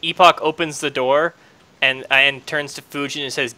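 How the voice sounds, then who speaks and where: A man playing a tabletop role-playing game, describing his character's actions in halting speech full of fillers and restarts. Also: fairly high pitch, steady tone, pushed and bright. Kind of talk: casual in-character play.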